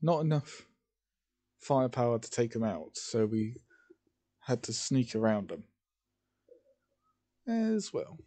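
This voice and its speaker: A man narrating an improvised fan story, halting often and correcting himself as he goes. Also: mid-range voice, big pitch swings, warm tone. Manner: halting, with many fillers and self-corrections.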